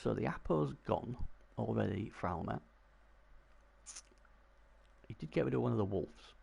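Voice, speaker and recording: A man commentating live on a video game stream, chatty and excitable, talking to his viewers. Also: on the low side, unhurried, creaky, breathy edge. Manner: chatty, excitable, talks to chat.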